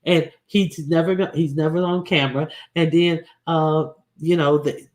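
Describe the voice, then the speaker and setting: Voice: mid-range voice, steady tone, normal speed, darkish tone. A commentator talking casually and bluntly, recounting events with many restarts and fillers.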